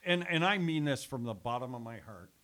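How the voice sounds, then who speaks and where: An older man reminiscing about his radio days in a loose, animated way, cursing casually and laughing through his stories. His voice is bright and forceful at an ordinary pitch. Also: brisk. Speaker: former radio sales executive and sports announcer.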